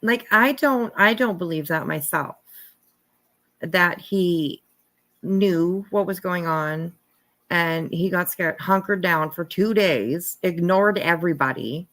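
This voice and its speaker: A woman's voice: fairly low pitch, slow, fairly bright tone. A woman in her fifties hosting a casual livestream, chatting with viewers, thanking them by name and laughing often. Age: 50s. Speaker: livestream host. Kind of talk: casual live chat with viewers.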